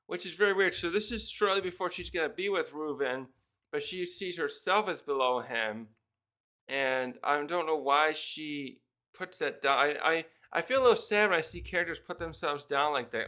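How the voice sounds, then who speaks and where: Rambling through a casual review of a manga chapter, a man with a slightly high, bright, forceful voice briefly acts out the characters' lines in quick put-on voices.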